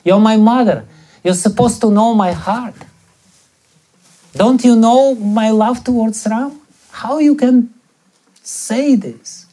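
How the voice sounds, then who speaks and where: A man's voice: on the high side, expressive, slow pace, pauses often, darkish tone, full character voice. A man voicing an anguished young prince who passionately pleads his loyalty. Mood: pleading. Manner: impassioned, pleading.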